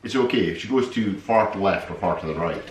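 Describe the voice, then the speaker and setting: Wry man, lively low voice. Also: slight background noise. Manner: halting, wry interjections. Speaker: co-host, vlogger's partner. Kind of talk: casual Q&A chat. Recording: roomy sound, distant mic, faint ambience.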